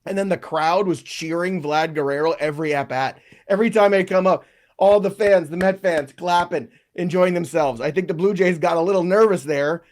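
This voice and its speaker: A man's voice: sits high, moderate pace, a little mellow. A man co-hosting a podcast, playful and rambling, stumbling over his words in casual banter. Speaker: co-host.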